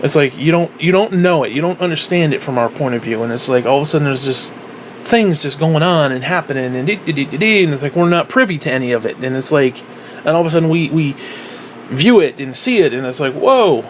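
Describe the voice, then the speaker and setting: A man's voice: fairly high pitch, expressive, brisk, a little hiss or hum, poor audio. Rambling, profane man vlogging. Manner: rambling, profane, full of fillers and restarts. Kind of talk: rambling casual monologue.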